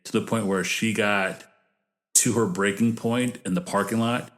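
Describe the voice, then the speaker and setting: Low-voiced blunt man telling stories. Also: steady tone, normal speed, a bit bright. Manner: blunt, tells stories with acted-out quotes. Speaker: podcast co-host. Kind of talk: casual podcast storytelling.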